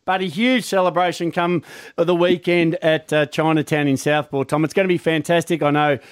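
A man's voice: on the high side, flat delivery, moderate pace, smooth, no room sound, studio quality. A man co-hosting breakfast radio, enthusiastic and friendly. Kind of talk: casual radio chat.

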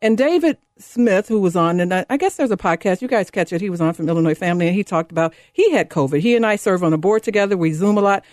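A woman in her fifties hosting a talk radio show, delivering a fired-up, sarcastic monologue that climbs high when she gets indignant. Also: animated, quick pace, few pauses, a little mellow, no echo, clean studio sound. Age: 50s. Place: radio studio. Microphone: studio microphone.

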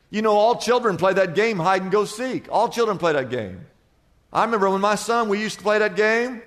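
A male pastor delivers a sermon, mixing scripture with jokes and stories and asking the crowd for amens. His voice sits high for a man. The sound carries a long hall reverb. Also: a bit bright. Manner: humorous storytelling preacher, asks the congregation for amens.

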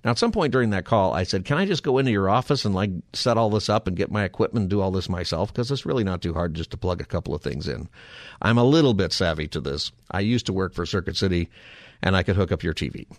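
A middle-aged man hosting a call-in radio show, telling a long exasperated story in a casual, animated way. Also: low voice, fast, no echo, studio quality. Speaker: radio talk show host.

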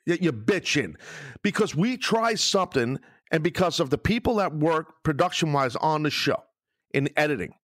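A man's voice: a little high, expressive, moderate pace, a bit bright, no room sound, clean studio sound. A man hosting his own podcast alone, ranting sarcastically and swearing often, with no music under his voice. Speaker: podcast host. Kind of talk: solo podcast rant. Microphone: studio microphone, no music bed.

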